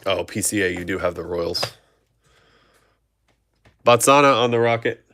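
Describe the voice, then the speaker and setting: A man's voice: sits low, moderate pace, background noise. A man hosting a trading card break, reading off player names and chatting with viewers. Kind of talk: live card-opening stream chat.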